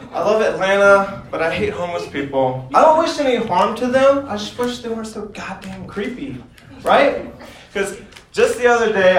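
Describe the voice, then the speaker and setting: A man's voice: high voice, a bit bright, roomy sound. A man doing stand-up comedy and recapping his set, profane, rambling and self-deprecating. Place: comedy club stage.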